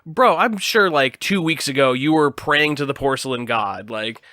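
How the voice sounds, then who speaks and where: A man's voice: mid-range voice, lively intonation, normal speed, pushed and bright, dry recording, clean studio sound. A man hosting a podcast in a loose, joking chat, swearing freely and laughing often. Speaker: podcast host. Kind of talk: casual comedic chat.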